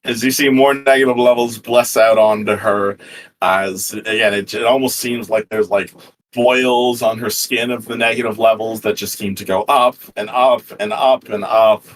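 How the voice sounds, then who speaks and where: A man's voice: lowish voice, fairly even intonation, normal speed, slight background noise. A man narrating as game master of a tabletop role-playing game, rambling and restarting his sentences as he describes the scene. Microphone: headset or desk mic on a live stream.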